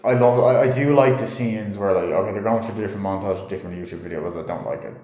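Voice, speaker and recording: A man talks through a film in a loose, rambling way, cursing often and circling back on his own points. His voice sits fairly low. The sound is roomy, with plenty of reflection from the walls around him. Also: quick pace, dark tone. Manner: loose and rambling, swears a lot, many fillers. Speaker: movie reviewer. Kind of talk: casual rambling movie review. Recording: roomy echo.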